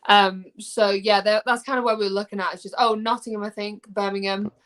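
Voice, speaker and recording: A woman's voice: medium pitch, steady tone, brisk, fairly bright tone. A young woman with an English accent chats casually about her music. She meanders, restarts her sentences and leans on fillers as she works things out. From England. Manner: chatty, rambling with many fillers and restarts. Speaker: singer. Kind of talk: casual video chat.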